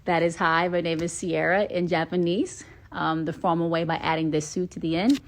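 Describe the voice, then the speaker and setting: A woman's voice: on the low side, steady tone, normal speed. A woman from Atlanta, Georgia, chatting casually and playfully on a live stream from her phone, with lots of filler ums.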